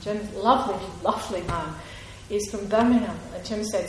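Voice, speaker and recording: Chatty author in an echoey hall. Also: female voice, mid-range voice, moderate pace, a little mellow. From Ayrshire, Scotland. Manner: chatty, digressive, laughs often, emphatic. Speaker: author at a reading. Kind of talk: audience Q&A answer. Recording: echoey hall with faint noise.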